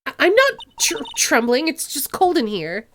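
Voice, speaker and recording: A woman's voice: sits high, huge pitch swings, moderate pace, noisy background, voice pushed up. A woman doing a flustered rookie lawyer. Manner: flustered, stammering. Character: nervous young female rookie lawyer.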